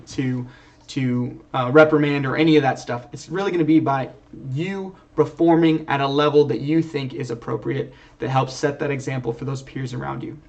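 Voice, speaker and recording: Earnest man on a distant, muffled stream. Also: mid-range voice. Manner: earnest, rambling with restarts and filler. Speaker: Air Force NCO, livestream presenter. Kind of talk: livestream talk. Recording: distant, dull lo-fi stream audio.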